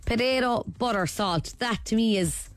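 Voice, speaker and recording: A woman's voice: a little high, normal speed. An Irish woman co-hosting a radio show, chatting casually and teasing with a laugh. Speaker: radio co-host.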